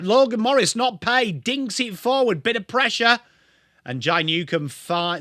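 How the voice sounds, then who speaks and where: A young man with an English accent hosts a live football watchalong, moving between calling the play and greeting his chat by name. His voice is bright and fairly high, with a lively, bouncing pitch. The sound is dry and close. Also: no room sound. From England. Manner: chatty, greets viewers, lively. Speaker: livestream host.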